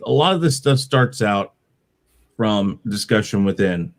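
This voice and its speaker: A man hosts a casual web roundtable in a slightly low voice. He rambles and restarts phrases, repeating words as he goes. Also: lively intonation, unhurried. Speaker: host. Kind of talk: casual online roundtable talk.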